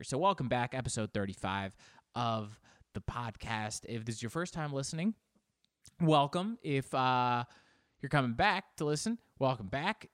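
A man hosting a comedy podcast, wandering from tangent to tangent and poking fun at himself. His pitch jumps around as he riffs. His voice sits in the middle range and sounds dry and close to the mic. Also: normal speed, clean tone, no room sound. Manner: self-mocking, digressive, jumpy in pitch. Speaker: podcast host. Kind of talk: rambling comedic monologue.

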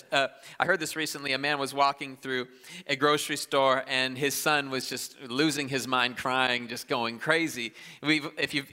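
A man in his thirties preaching a sermon in a large church, conversational and self-deprecating, with quick asides and restarts. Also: medium pitch, pushed and bright, clear, resonant tone. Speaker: pastor. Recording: live church hall with long reverb.

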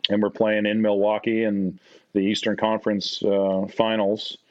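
A middle-aged man with a Canadian accent, a podcast guest telling stories in a casual, animated way. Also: normal speed, no room sound. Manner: animated, acts out quotes in a higher voice. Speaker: podcast guest, former basketball player. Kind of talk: casual storytelling. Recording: dry, slightly dull audio.

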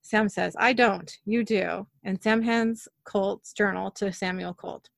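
Woman, casual recap host, mid pitch, steady scene narration, dry close sound. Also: vocal fry, dry recording. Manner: narrates scenes briskly, quoting characters in near-own voice. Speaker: podcast host recapping an episode. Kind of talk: casual recap, reading scene lines aloud.

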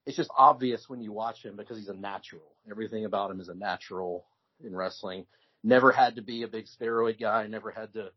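A man co-hosting a podcast in casual chat, telling stories in a relaxed way with frequent restarts. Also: fairly low pitch, a little fast, husky. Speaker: podcast co-host. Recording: dull lo-fi recording.

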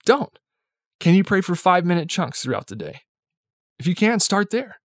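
A young man delivers a casual, chatty sermon in a slightly higher voice, sprinkling in "like" and "right?" and chuckling lightly as he goes. The sound is close and dry. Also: very animated, a little fast, dry recording. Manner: conversational, peppered with "like" and "right?"; chuckles lightly while speaking. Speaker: preacher.

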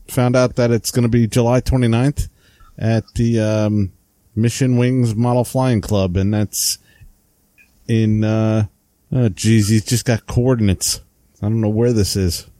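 Man with a New Jersey accent, casual podcast co-host, mellow dark tone, dry close sound, rambling and joking. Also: fairly low pitch, fairly even intonation, a little slow, no room sound. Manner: joking, rambling with many fillers. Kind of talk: casual chat.

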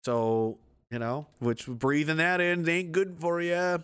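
A man's voice: a little high, takes it slowly, a bit bright, smooth. A man giving angry, profane, sarcastic political commentary.

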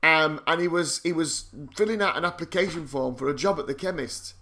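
A man's voice: a little high, brisk, bright, forceful tone, a little hiss or hum. A man co-hosting a podcast, swearing often, laughing and telling stories in casual banter. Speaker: podcast co-host.

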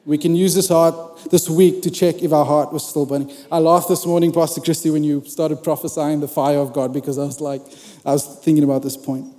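A man's voice: a little high, little pitch movement, a little fast, few pauses, warm tone, in a large hall. A man preaching a sermon in a conversational, humorous way, speaking directly to his congregation.

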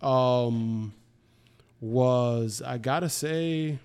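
A man's voice: medium pitch, drawn-out words, clean tone. A man in his twenties chatting casually, telling profane stories and acting out the quotes. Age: 20s. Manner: profane, animated storytelling with acted-out quotes. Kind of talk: casual chat.

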